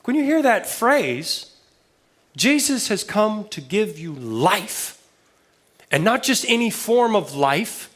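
A man's voice: high voice, sing-song, slow, fairly bright tone. A man preaching a conversational sermon, reading Bible verses aloud with casual asides and questions to his listeners. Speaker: pastor.

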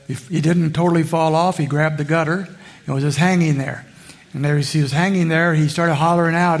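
A man preaching a sermon in a conversational way, with frequent pauses and fillers. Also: fairly high pitch, creaky. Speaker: pastor.

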